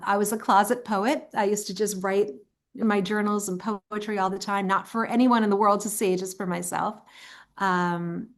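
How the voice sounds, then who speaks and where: A woman in her fifties from Long Island, a singer telling her life story in a relaxed interview, with frequent ums and uhs. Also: mid-range voice. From Long Island, New York. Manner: warm, reflective storyteller with frequent fillers. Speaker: singer and songwriter, interview guest.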